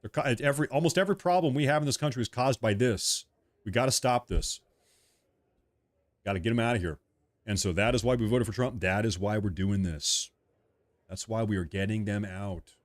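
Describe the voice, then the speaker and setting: A man's voice: fairly low pitch, fairly quick, dry recording. A man hosting a live stream of political commentary. He reacts to viewer chat in an emphatic, repetitive way, joking about being a little irritable.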